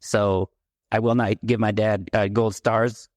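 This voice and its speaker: A middle-aged man from the San Francisco Bay Area, a podcast guest telling his childhood story in a candid, animated way. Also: lowish voice, measured pace, dry recording, clean studio sound. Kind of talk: personal storytelling in a podcast interview.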